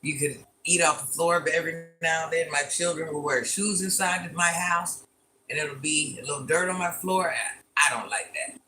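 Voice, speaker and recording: A woman of about fifty hosts a loose livestream from her living room. She reads viewer comments off her phone and teases them, and she likes to say the same line twice. Her voice is bright and sharp, with a faint hum of room noise behind it. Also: low voice, moderate pace. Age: around fifty. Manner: chatty and teasing, repeats lines playfully, calls herself Granny. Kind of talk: casual livestream chat, reading viewer comments aloud.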